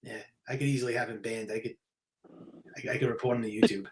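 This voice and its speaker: A man's voice: mid-range voice, little pitch movement, fast, heavy background noise. A man from New York with a New York accent, hosting a live stream with brash, insulting banter.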